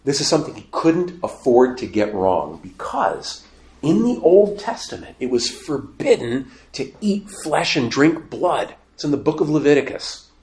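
A man's voice: mid-range voice, a little slow. Man preaching in an echoey room. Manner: animated, rising to emphatic quoted lines. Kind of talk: sermon.

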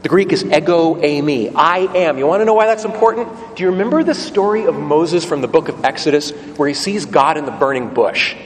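A man's voice: a little high, brisk, hardly any pauses. A man preaching a sermon, telling the story vividly and putting rhetorical questions to the congregation. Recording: long church reverb, faint ambient noise.

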